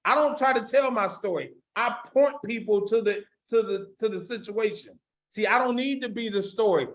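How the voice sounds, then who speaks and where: A man's voice: sits high, moderate pace, a bit bright. A man coaching sales agents in a motivational training talk, emphatic and folksy, repeating his key lines and speaking straight to the audience. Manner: casual, folksy phrasing. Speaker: insurance sales recruiting trainer.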